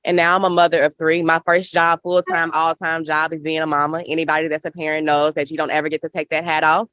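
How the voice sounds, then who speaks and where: A woman in her thirties from Memphis, Tennessee, with a Southern accent, speaks with passion on a panel at an outdoor hoop house on a farm. Her voice is low and fairly bright, with a level tone and quick pace, and there's no echo. She talks in a rhythmic, preacher-like cadence.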